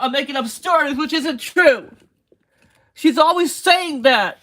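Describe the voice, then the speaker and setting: A woman's voice: sits high, moderate pace, sharp tone. A tearful woman in a motel room, talking in an emotional livestream rant and asking the same pleading questions again and again.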